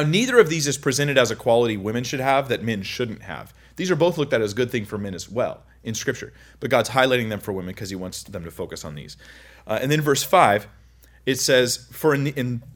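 A young man giving a casual, chatty Bible teaching, full of anecdotes and self-interruptions. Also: medium pitch. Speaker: preacher.

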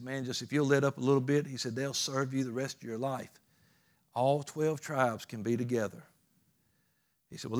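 Man, pastor, folksy preaching, emphatic calls. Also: medium pitch. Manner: folksy, plainspoken phrasing. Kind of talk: sermon.

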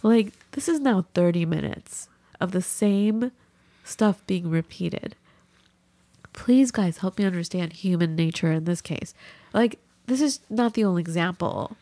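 A middle-aged woman hosting a podcast, telling a story in a casual, animated way and acting out the people she quotes. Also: measured pace, no room sound. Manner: animated, acts out quotes with big pitch jumps. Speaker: podcast host.

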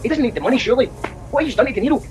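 A man's voice: very high-pitched, lively intonation, rapid-fire, music in the background, low-quality recording. A man making a comic complaint call, exasperated and ranting, repeating himself. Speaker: caller.

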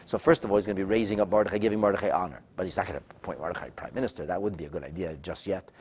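A man with a fairly low voice delivers a text-study lecture. He talks animatedly, often restarting and repeating words, and breaks into loud, dramatic bursts when he voices the people he quotes. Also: racing, husky. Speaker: Torah teacher.

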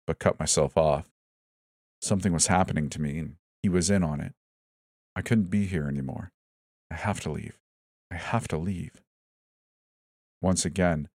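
A man's voice: deep voice, a little mellow, no echo, studio quality. A man reading a first-person horror story aloud, tense and suspenseful, giving each character his own voice. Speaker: narrator. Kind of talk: scripted horror story narration.

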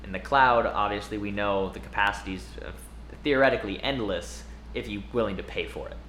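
A man co-hosting a podcast, explaining in a relaxed conversational way with frequent asides. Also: fairly low pitch, brisk. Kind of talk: casual podcast chat. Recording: roomy with faint background noise.

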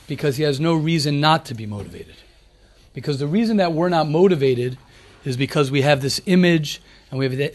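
A man, a rabbi, giving an informal lecture to yeshiva students, animated and repetitive, often restarting his sentences. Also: fairly high pitch. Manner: animated, repeats himself, self-correcting.

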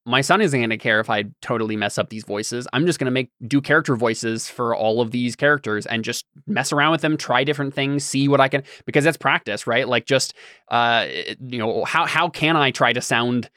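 A man's voice: mid-range voice, moderate pace, bright, forceful tone, no room sound, studio quality. A man in casual podcast chat, explaining ideas thoughtfully with frequent ums and restarts. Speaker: podcast guest.

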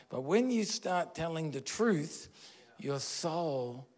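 A man's voice: mid-range voice, darkish tone. A man preaching a sermon as pastor, earnest and conversational, asking his listeners questions.

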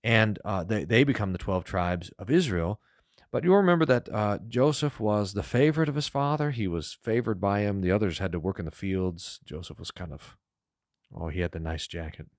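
Low-voiced pastor retelling scripture. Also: male voice, lively intonation, moderate pace, no echo, studio quality. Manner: storytelling, reads scripture aloud with rising emphasis. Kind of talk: Bible teaching podcast.

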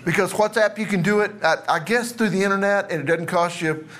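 A man's voice: sits high, fairly even intonation, fairly quick, fairly bright tone, slight background noise. A man teaching a Bible class to a group in a classroom, chatty and self-deprecating.

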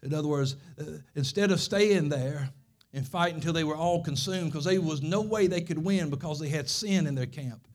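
A pastor preaching a sermon, telling stories and driving points home with repeated phrases. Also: male voice, on the high side, moderate pace, darkish tone.

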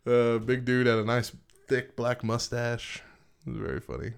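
A man's voice: medium pitch, flat delivery, moderate pace, gravelly, clean tone. A man co-hosting a podcast in casual chat, joking, laughing often and going off on tangents. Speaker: podcast co-host.

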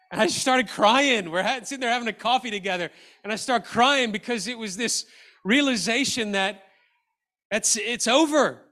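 Middle-aged male pastor, high ringing voice, earnest exhortative sermon delivery. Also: bright, forceful tone. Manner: earnest and exhortative, with rhetorical questions.

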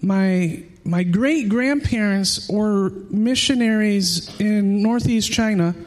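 A man's voice: high-pitched, takes it slowly. A man in his thirties preaching a sermon earnestly, often repeating words as he searches for them.

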